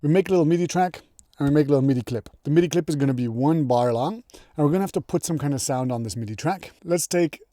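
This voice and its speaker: A man's voice: on the high side, fast, dark tone, no echo. Upbeat man teaching music production. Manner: upbeat, chatty, enthusiastic. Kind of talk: casual tutorial. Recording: music playing behind.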